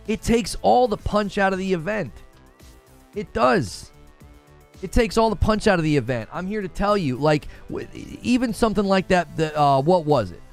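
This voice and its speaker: A man hosting a casual livestream, chatting excitably, repeating himself and reacting to his chat. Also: high-pitched, normal speed, creaky, faint music behind. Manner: animated, excitable, repeats himself, shouts when cheering. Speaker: livestream host.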